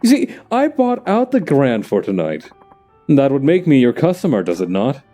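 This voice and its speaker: A man's voice: medium pitch, huge pitch swings, moderate pace, mellow, faint music behind. A man voicing a smug, wealthy male rival club owner in a put-on British accent, haughty and theatrical, for a fan dub of a game. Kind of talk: fan voice-over of game dialogue.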